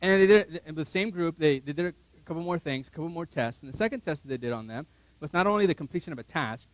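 A male preacher tells a story in a sermon, his voice sitting high for a man. He laughs often and acts out his own reactions as he goes. The sound is dry and close to the mic. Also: animated, fast talker, no room sound. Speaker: pastor.

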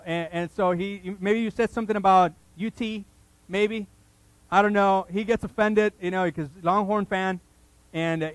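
A man preaching a sermon to his congregation, telling the story in an animated, joking way with many restarts. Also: high voice, no room sound, low-quality recording. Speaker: pastor. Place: church service before a congregation.

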